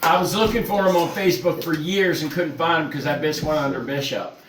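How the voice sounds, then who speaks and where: A man's voice: on the high side, brisk. Profane storytelling man in his forties. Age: 40s. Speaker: podcast host. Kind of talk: casual chat. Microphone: phone recording. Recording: roomy, distant mic with background noise.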